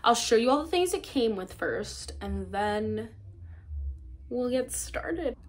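A woman's voice: a little high, expressive, takes it slowly. A young woman chatting casually in a home vlog, rambling and poking fun at herself. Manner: chatty, self-mocking, rambling. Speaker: YouTuber.

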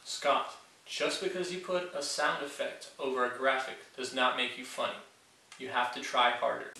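A man's voice: medium pitch, fairly even intonation, normal speed, gravelly, sharp tone, very echoey, recorded from a distance. A man doing sarcastic comedy commentary, mocking a video he reviews.

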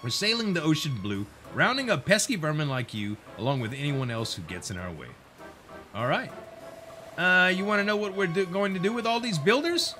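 A sneering skeleton pirate crewman in a video game, taunting with a mocking swagger, played by a man. His pitch swings widely and the tone is bright and forceful. Faint game music hums behind. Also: very animated, a little fast. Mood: menacing.

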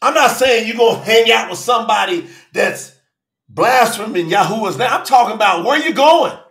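A man preaching a fervent livestream sermon, often shouting and calling out viewers by name. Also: high voice, lively intonation, moderate pace, roomy sound. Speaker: preacher and channel host.

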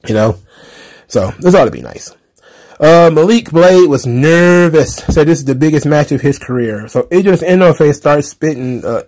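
Guy doing a wrestling recap, mid-pitched, laughs a lot, kinda sarcastic, ums and uhs everywhere. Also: darkish tone. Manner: laughs often, sarcastic asides, lots of fillers. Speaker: wrestling commentary podcaster. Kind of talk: casual recap commentary.

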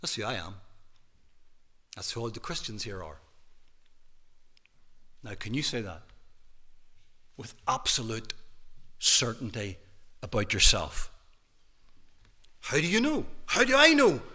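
Northern Irish male minister, 50s, bright and forceful tone, preaching testimony in a church hall. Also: on the high side. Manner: emphatic preaching with big swings from hushed to loud. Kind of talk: testimony sermon.

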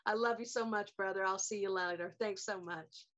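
A woman's voice: medium pitch, steady tone, normal speed, fairly bright tone. A woman from Georgia, hosting a casual interview show in an effusive, chatty way. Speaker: host.

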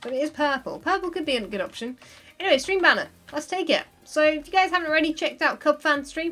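A woman's voice: sits high, a bit bright. A woman chatting casually on a livestream while she plays, laughing often and thinking aloud.

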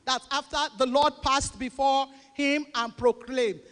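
A woman pastor preaching a sermon, leading the congregation in call-and-response and often rising to shouts. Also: sits high, fairly even intonation, a little slow. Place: church. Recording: long reverb of a large church hall.

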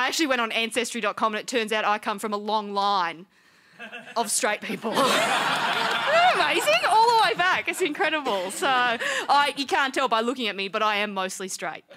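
A woman's voice: medium pitch, lively intonation, normal speed, sharp tone. An Australian woman performing a stand-up comedy set on a TV studio stage, chatty and playful, laughing through her punchlines. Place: TV studio stage with live audience.

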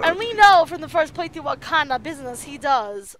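Over a crowd in the background, a woman provides let's play commentary while streaming a game, speaking in a high, animated voice at a fairly quick pace with hardly any pauses. She frequently talks to herself and mutters under her breath as she works.

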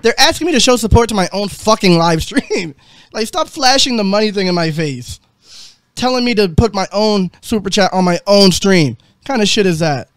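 A young man hosting a live reaction stream, talking excitedly, swearing freely and repeating short phrases again and again. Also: high voice, moderate pace, no echo.

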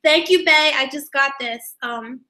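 A woman chatting casually on a live stream, greeting viewers one by one with drawn-out hellos and frequent giggles. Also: high voice, pushed and bright. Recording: echoey room.

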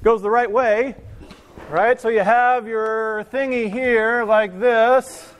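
A man teaching a university physics lecture, animated and joking as he talks to his class. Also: very high-pitched, takes it slowly. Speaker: physics professor. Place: lecture hall. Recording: reverberant lecture hall.

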